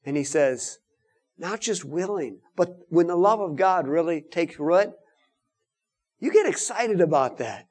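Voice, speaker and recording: Male preacher, lively sermon delivery with big pitch swings, slow measured pace. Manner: animated preaching, swinging from loud to hushed.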